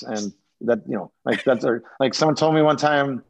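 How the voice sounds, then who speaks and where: Over soft background music, a former pro hockey player tells stories as a podcast guest in a gravelly, medium-pitched voice, brisk and with few pauses. His casual storytelling is rambling, profane, and full of restarts, and the sound is dull and lo-fi.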